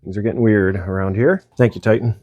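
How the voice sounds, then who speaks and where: A middle-aged man talks his way through fixing an old chainsaw in a casual, rambling manner. His voice sits a little low, and he keeps chuckling at his own mistakes. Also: steady tone, a little fast, dark tone, no echo, lo-fi sound. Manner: rambling, self-deprecating, chuckles often. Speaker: channel host repairing a chainsaw. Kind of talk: casual workshop narration.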